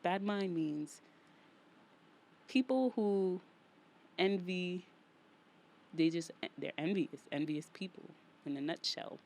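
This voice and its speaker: A woman's voice: fairly low pitch, slow, long pauses. A woman with a New York accent hosting a casual solo podcast, talking in a playful, slangy way and repeating phrases for emphasis. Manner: animated, playful, slangy, vents with emphatic repetition. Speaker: podcast host.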